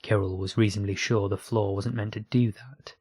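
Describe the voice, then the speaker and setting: A man reads a science fiction story in a low, husky voice that stays level and even. The sound is close and dry, with no room around it. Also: a little fast, no room sound. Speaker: narrator. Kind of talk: audiobook reading of online fiction.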